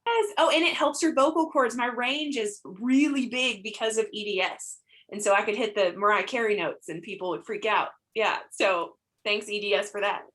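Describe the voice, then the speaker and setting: A woman's voice: mid-range voice, normal speed, few pauses, fairly bright tone, poor audio. A woman who is a professional singer, speaking upbeat and emphatic in a casual group video call.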